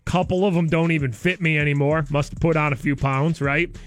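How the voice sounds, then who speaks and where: A man's voice: on the high side, steady tone, a little fast, a bit bright, soft background music. A man hosting a radio show, talking in a casual, playful way and laughing often.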